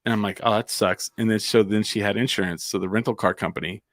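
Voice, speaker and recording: A man's voice: lowish voice, fairly even intonation, quick pace, a bit bright, dry recording, studio quality. A man from Albuquerque telling a casual anecdote on a comedy podcast, rambling with plenty of "like" and restarts. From Albuquerque, New Mexico.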